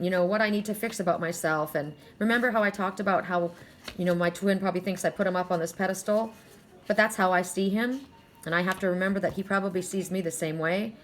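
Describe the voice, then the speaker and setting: An earnest woman reads oracle cards for her viewers in a spiritual, heartfelt way. She circles back on her words, restarting and repeating herself as she goes. Her voice sits at an ordinary middle pitch for a woman. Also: a little hiss or hum. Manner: earnest and emotional, with frequent restarts and repeated phrases. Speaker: oracle card reader. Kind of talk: spiritual card reading to viewers.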